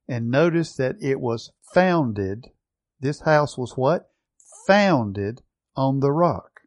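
A man's voice: mid-range voice, a little mellow, no room sound. A man preaching a sermon, teaching earnestly from the Bible and leaning hard on key words. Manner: earnest, emphatic Bible teaching with slow stressed phrases.

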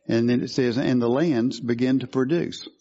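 A man's voice: medium pitch, steady tone, moderate pace, mellow, muffled recording. A man preaching a sermon, teaching through scripture and asking questions of his listeners. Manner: teaching, asks questions of the congregation.

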